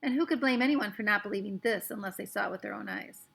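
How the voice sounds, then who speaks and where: A woman reading a children's book aloud with expressive, lively narration. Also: medium pitch, quick pace, vocal fry, slightly rough. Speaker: storyteller.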